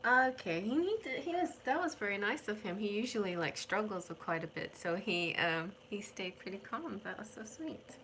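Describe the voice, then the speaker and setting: A woman's voice: mid-range voice, expressive, moderate pace, few pauses, fairly bright tone, a little hiss or hum. A middle-aged woman giving a chatty, rambling tarot reading on a live stream from home. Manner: chatty, rambling, sings names, talks to her cat. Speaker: tarot reader.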